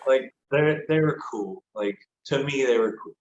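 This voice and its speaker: A man's voice: mid-range voice, measured pace. A man, a former pro wrestler, telling stories casually as a podcast guest, swearing freely and peppering his talk with "like.". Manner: animated, swears freely, lots of "like". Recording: roomy, dull lo-fi sound with faint noise.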